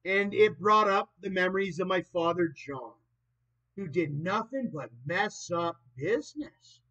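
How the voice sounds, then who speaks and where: A man in his late twenties vlogging in a rambling, profane monologue that swings between loud and soft. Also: high-pitched, lively intonation, measured pace. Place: old property in the countryside. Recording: dull lo-fi recording.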